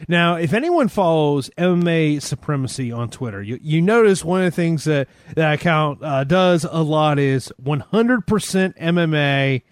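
Male podcast co-host, casual, giggly, a touch higher voice, dry recording. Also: expressive, normal speed, few pauses, no echo. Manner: laughs often, reads press release aloud.

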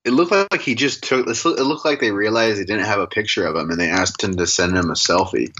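Male co-host, very low and sharp-toned, joking banter, slightly muffled recording. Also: a little fast. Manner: joking, rambling, deadpan banter. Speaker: podcast co-host. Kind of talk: casual podcast chat.

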